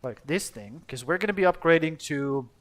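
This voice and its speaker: A man's voice: fairly high pitch, expressive, moderate pace. A young man from Finland giving casual gameplay commentary, swearing freely, joking and talking to his character. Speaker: let's play gamer.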